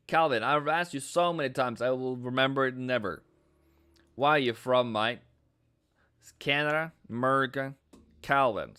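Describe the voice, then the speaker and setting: A man's voice: medium pitch, sharp tone, clear, resonant tone. Playful man hosting a stream. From Norway. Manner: playful, chats with viewers, breaks into silly sound effects. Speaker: forex trading livestream host. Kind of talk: casual live-stream commentary.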